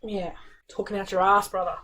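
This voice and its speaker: A woman's voice: mid-range voice, flat delivery, fairly quick. An Australian woman co-hosting a casual book chat, playful and laughing, swearing cheerfully. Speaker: booktuber co-host. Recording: distant mic, faint background noise.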